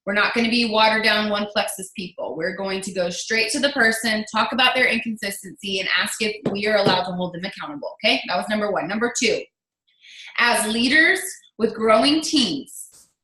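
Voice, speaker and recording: A woman's voice: fairly high pitch, sharp tone, roomy sound, rough recording. A woman in her thirties, a team leader giving an emphatic, preachy motivational talk on a video call.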